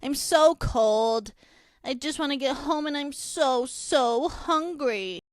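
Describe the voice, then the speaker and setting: A woman putting on a cutesy anime voice, a tired, cold and hungry girl whining in a high, breathy way. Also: animated, slow pace, no room sound. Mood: weary, whiny.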